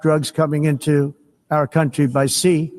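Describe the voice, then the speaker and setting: A man's voice: a little high, flat delivery, a little slow, a little mellow. An older man from the United States giving a formal speech to an assembly, rambling and boastful.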